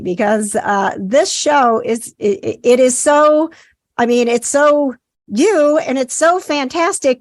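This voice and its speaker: Bubbly woman host with a gravelly edge. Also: sits high, no echo. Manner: bubbly, excitable, quick-talking. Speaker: podcast host. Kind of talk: casual chat.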